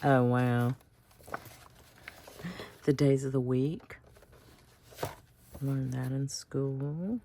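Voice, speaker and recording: A woman's voice: rumbling low, fairly even intonation, extremely slow, pauses often, mellow, slight background noise. A woman hosting a craft video, chatting casually and thinking aloud as she cuts out pictures.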